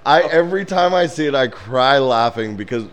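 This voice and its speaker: Animated man retelling movie scenes. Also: medium pitch, moderate pace. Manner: animated storyteller, laughs while retelling scenes. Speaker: podcast co-host. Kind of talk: casual chat.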